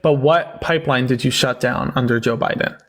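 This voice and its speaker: A man's voice: medium pitch, fairly quick, vocal fry, fairly bright tone. A man hosting a live-stream debate, sarcastic and laughing often as he lectures callers with facts.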